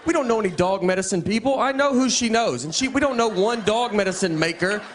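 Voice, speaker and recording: A man performing a stand-up set in a deadpan, meandering way with frequent restarts. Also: sits high, fast, a little hiss or hum. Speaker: stand-up comedian. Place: live comedy stage before an audience. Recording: live set with audience laughter. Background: crowd laughter.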